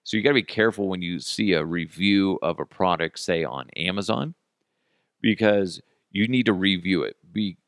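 A man hosting a podcast, telling customer service stories in a casual, animated way, swearing and laughing as he goes. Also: deep voice, moderate pace, no echo, studio quality. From Colorado, United States. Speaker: podcast host. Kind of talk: casual storytelling.

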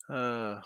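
A man's voice: bright, forceful tone, no room sound. A man hosting a sports betting picks live stream, chatting casually, thinking aloud and answering viewer comments. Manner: rambling, thinking aloud, reacting to chat comments.

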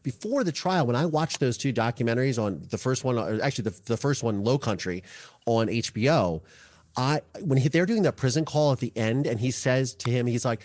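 A man in his forties, a guest in a podcast interview, speaking earnestly and haltingly with many restarts. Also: mid-range voice, expressive, a little mellow.

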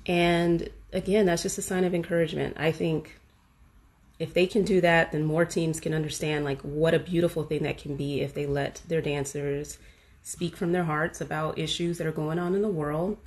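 A woman hosting a podcast, talking casually and with animated enthusiasm, full of fillers like "you know" and "like". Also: deep voice, moderate pace. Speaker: podcast host. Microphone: podcast mic.

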